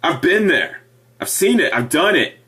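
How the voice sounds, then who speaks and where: A middle-aged man ranting casually to camera about his past, animated and sarcastic, with laughing asides. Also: on the high side, moderate pace, breathy edge. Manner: animated, laughing asides, mock-cheerful impressions. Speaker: ex-member giving opinions.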